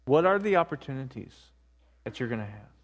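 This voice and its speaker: A man preaching a sermon, swinging between hushed asides and rising, emphatic points, with frequent repetition. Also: mid-range voice, sing-song, brisk. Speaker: pastor.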